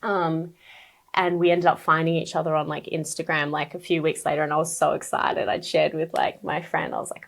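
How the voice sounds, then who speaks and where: A woman's voice: deep voice, little pitch movement, brisk, gravelly. A woman speaking as a podcast guest, sharing a personal story in a casual, chatty way, full of fillers and open emotion.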